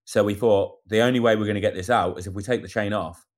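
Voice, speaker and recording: A man casually telling a lively story about a bike race, acting out what people said. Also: on the low side, quick pace. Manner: animated storyteller acting out quotes. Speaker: amateur cyclist recounting a race. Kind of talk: casual chat.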